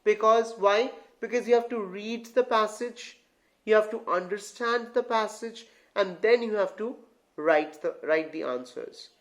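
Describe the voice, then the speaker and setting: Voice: mid-range voice, unhurried. An English tutor giving an online lesson, who keeps asking the viewers whether they follow, often calls them guys and repeats or restarts phrases while explaining. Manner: addresses learners as guys.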